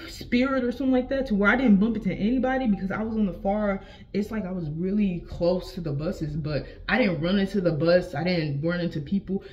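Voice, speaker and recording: A young adult woman telling a casual storytime vlog, animated and profane, with lots of slang and acted-out quotes of herself. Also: medium pitch. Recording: slightly dull lo-fi sound.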